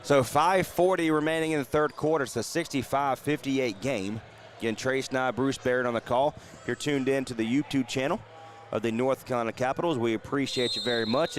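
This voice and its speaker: A man calling live basketball play-by-play from a community center gym, rattling off the action and getting excited on big plays. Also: mid-range voice, a little hiss or hum. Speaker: play-by-play announcer.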